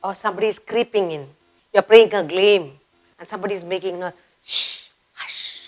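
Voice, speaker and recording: A woman teaching a basic grammar lesson for children. She speaks slowly, repeats key words and acts out example exclamations. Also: medium pitch, low-quality recording. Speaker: English teacher.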